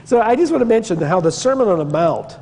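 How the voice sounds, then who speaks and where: Speaking fast and animated in a large hall, a man with a high, darkish voice gives a conversational lecture on church history. He's from Pennsylvania, and the talk is a classroom-style Bible lecture full of digressions and stressed key words.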